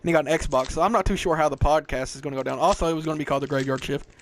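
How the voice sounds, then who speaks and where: A man's voice: fairly high pitch, fairly even intonation, very fast. A man in his twenties with a Southern US accent, chatting loosely and profanely as a podcast host, peppering his talk with "bro" and "dog.". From American South. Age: 20s. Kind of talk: casual chat.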